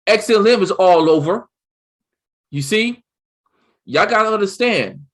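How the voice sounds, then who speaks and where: Talkative man co-host, pitched a bit high, rambling and excitable, lots of false starts. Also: a little slow. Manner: excited, rambling, with lots of restarts and "you see what I'm saying". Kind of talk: casual chat.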